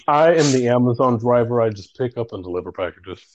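A man's voice: mid-range voice, expressive, a little fast, lo-fi sound. A young man in casual chat who retells stories through lots of quoted back-and-forth, swearing and laughing as he goes.

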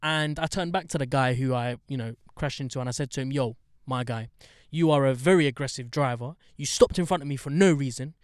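A young man telling a story in casual chat, animated, swearing and getting heated as he talks. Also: brisk, hardly any pauses, no echo, clean studio sound. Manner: animated storyteller, swears, gets heated and high when indignant.

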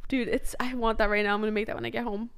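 Enthusiastic young woman, slightly high voice. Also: flat delivery, clean tone. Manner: enthusiastic, quick reactions and agreement. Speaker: podcast co-host. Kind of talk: casual chat.

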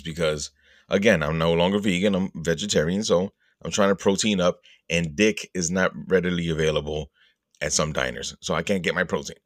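Male podcast host, low-pitched and dry-sounding, for profane, rambling comic storytelling with quick put-on voices. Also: no echo. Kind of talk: casual comedic storytelling.

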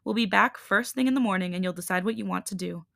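A woman reading a tired but firm young male hybrid leader in a calm, steady voice. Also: medium pitch, quick pace, creaky, dry recording, studio quality.

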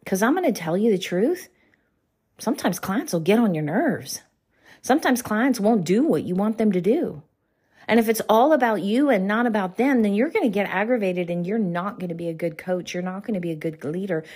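A middle-aged woman, a Christian business coach, giving an earnest faith-based motivational talk with slow, emphatic questions. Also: medium pitch, lively intonation, darkish tone, husky.

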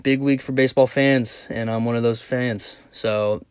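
A young man rambles through a story for his solo podcast, swearing freely and getting animated. His voice sits at a middle pitch. It is recorded dry and close in a small closet with no room sound. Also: moderate pace, clean tone, no echo. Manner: rambling, profane, animated retelling. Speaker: podcast host.

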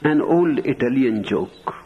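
A man giving a spiritual discourse to followers, speaking slowly with deliberate, emphatic pauses. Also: medium pitch, lively intonation, slightly rough. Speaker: spiritual teacher. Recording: muffled lo-fi recording, faint hiss.

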